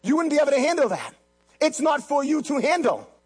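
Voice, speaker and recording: A man's voice: extremely high pitch, big pitch swings, fairly quick, a little mellow, faint music behind. A man preaching a sermon as pastor, emphatic, repeating key lines and mixing in jokes.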